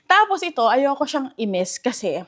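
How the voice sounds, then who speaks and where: Walking room to room inside a house, a woman with a Filipino accent gives a chatty, enthusiastic real estate tour, switching between English and Filipino. Her high, sing-song voice is brisk and fairly bright, with a little hiss or hum in the background.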